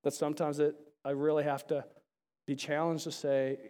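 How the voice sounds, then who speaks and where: A man preaching a sermon to a congregation, chatty with restarts and then rising to animated, emphatic bursts. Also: a little high, normal speed. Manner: chatty asides, frequent restarts. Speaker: pastor. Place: large church sanctuary. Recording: long hall reverb.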